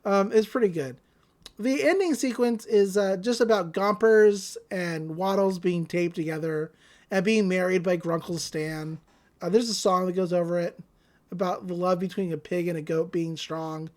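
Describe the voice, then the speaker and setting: A woman's voice: on the low side, moderate pace, a little mellow. A woman hosting a podcast, giving a casual, chatty episode recap with frequent fillers and giggles. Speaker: podcast host.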